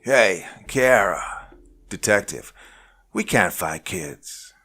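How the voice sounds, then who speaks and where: A man voicing an exasperated male partner who yells from a distance. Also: sits low, big pitch swings, fast, faint music behind, full character voice. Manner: yelling from a distance.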